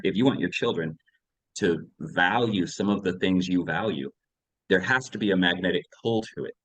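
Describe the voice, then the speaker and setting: A man's voice: low voice, a bit bright, dry recording, poor audio. A man in his forties in a candid conversation on parenting, reflective and thinking aloud. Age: 40s. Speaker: parenting educator.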